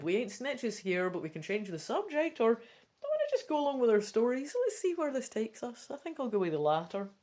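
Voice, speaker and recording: A woman with a Scottish accent reading a gamebook aloud, breaking off into chatty, quick asides. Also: fairly low pitch, a little mellow. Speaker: gamebook reader. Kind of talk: casual read-through with chatty asides.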